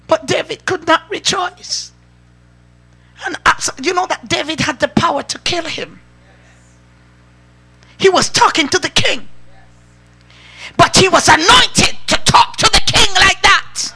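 A woman's voice: high-pitched, measured pace, pauses often, sharp tone. A woman preaching a sermon in an emphatic way, urging the congregation to respond.

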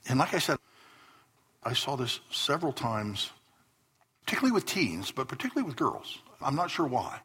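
A man's voice: mid-range voice, big pitch swings, normal speed, long pauses, pushed and bright, slightly rough. A man preaching a sermon to his congregation as pastor, telling stories with earnest bursts of emphasis. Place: church hall before a congregation.

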